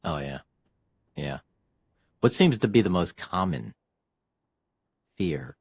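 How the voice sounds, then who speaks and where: A man's voice: deep voice, very animated, takes it slowly, breathy edge, no room sound. A man hosting an interview, mostly giving short affirming responses. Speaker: interview host. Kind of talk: conversational interview.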